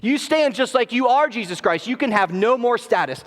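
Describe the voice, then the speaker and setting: High-voiced preaching man in a reverberant church. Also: animated, moderate pace. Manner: dynamic preaching, swings between loud emphatic lines and hushed low passages. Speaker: pastor. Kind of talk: sermon. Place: church sanctuary. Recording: long hall reverb of a church.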